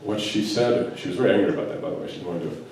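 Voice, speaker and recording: A man's voice: sits low, racing, vocal fry, a little mellow. A man giving a spiritual talk to a live audience, telling stories with quoted dialogue and rhetorical questions. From United States. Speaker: spiritual teacher and physician. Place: large echoey event room. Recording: echoey room from a distance with faint background noise.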